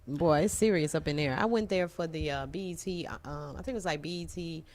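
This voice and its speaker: Female talk show co-host, lower voice, animated storyteller. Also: fairly quick, a little hiss or hum. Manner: animated, teasing, storytelling with slang. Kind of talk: casual chat.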